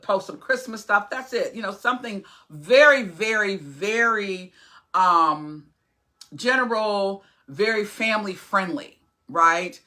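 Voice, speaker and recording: A woman in her forties with a bright, clear-toned voice, vlogging straight to her followers. She rambles in a chatty way, full of fillers and restarts, and gets earnest and opinionated. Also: mid-range voice. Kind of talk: casual vlog talk to camera.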